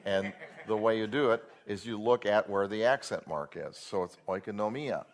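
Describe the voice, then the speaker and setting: Lowish-voiced guy teaching a bible word study, slow and step by step, lots of "right?". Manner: methodical, explains step by step with rhetorical questions. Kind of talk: classroom word-study lesson.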